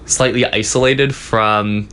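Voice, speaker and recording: A young man, a student guest in a casual interview, telling a story in a halting way with many fillers. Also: fairly low pitch, fairly even intonation, pushed and bright, clean tone. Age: young adult. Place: office.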